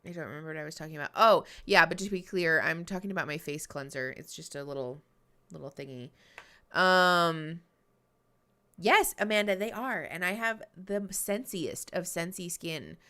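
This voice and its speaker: Bright-voiced chatty woman streamer. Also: lowish voice, moderate pace. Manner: chatty, self-deprecating, laughs often. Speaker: therapist streaming a reality-show reaction. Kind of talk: casual live-stream chat.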